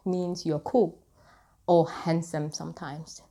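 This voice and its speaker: A woman's voice: fairly low pitch, takes it slowly, a little mellow. Chatty young woman vlogger rambling along. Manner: rambling and chatty, full of "like" and "anywho". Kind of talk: casual storytelling to camera.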